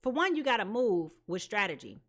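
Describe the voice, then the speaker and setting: A woman's voice: medium pitch, very animated, a little fast. A woman giving a live tarot reading, talking in an emphatic, repetitive way with casual slang. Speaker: tarot reader.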